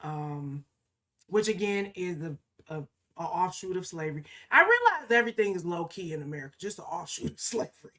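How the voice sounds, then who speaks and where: A woman's voice: lowish voice, very animated, a little fast, bright, forceful tone. A woman co-hosting a podcast in casual, emphatic conversation, often punctuating her points with "okay?" and slipping into mocking quoted asides. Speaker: podcast co-host.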